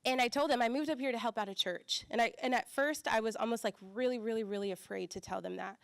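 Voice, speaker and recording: A young woman with a slight Southern accent giving a chatty conference talk as church staff, full of fillers and lively quoted voices. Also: medium pitch, vocal fry, clear, resonant tone, no room sound, studio quality.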